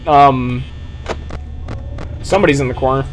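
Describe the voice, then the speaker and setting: A young man streaming a horror game, rambling nervously to his chat and yelling when things go right. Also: mid-range voice, normal speed, slight background noise, rough recording. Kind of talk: live gameplay commentary.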